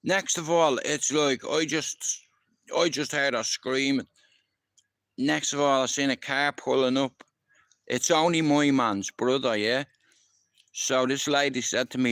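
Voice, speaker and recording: A man's voice: mid-range voice, steady tone, measured pace, fairly bright tone, no echo. A middle-aged Irish man telling rambling stories from his past in casual talk, swearing freely and often checking that the listener understands. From Ireland. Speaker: livestream host. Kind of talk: casual storytelling.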